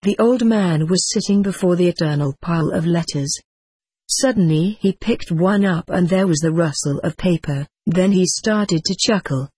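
An older man reading his own book aloud in a measured, wry, dry-humoured way. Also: sits high, darkish tone, husky, dry recording. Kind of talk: audiobook narration.

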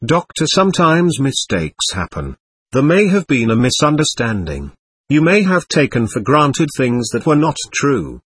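A man voicing a patient doctor at a séance, talking in a measured, reasoning, admonishing way with a husky voice. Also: mid-range voice, huge pitch swings, dry recording, exaggerated voice. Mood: coaxing.

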